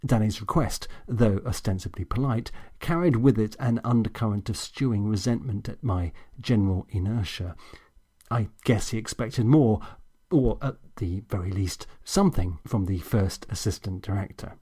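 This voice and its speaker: Husky, wry male comedy narrator. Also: on the low side, normal speed, dark tone. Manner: wry, self-deprecating. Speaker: audiobook narrator. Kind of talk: scripted comedic first-person narration.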